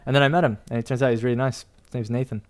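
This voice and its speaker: Racing through his casual commentary, a young man streaming a strategy game rambles and laughs often. His mid-range voice is a little mellow with fairly even intonation, and faint music plays behind him.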